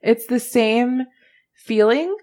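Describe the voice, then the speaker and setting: A woman narrating a tabletop game as game master, slow and easygoing, with small laughs. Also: on the high side, a little mellow.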